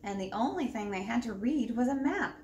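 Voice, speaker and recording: A woman librarian reading a picture book aloud for a children's storytime, with lively, expressive narration. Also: a little high, brisk, dull audio. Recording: roomy echo, distant mic, faint background hum.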